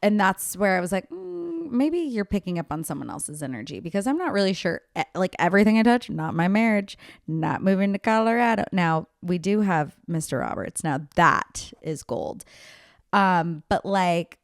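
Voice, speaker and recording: A woman's voice: medium pitch, sing-song, moderate pace, dry recording. Chatty young woman podcaster, dry close sound. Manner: chatty storytelling, many fillers like "like" and "um". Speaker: podcast host. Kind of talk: casual solo podcast chat.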